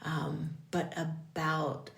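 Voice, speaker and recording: Older woman with a gravelly low voice. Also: monotone, extremely slow, fairly bright tone, reverberant. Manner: reflective, often asks "right?" with many ums. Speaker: priest, guest. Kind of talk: faith-based leadership conversation.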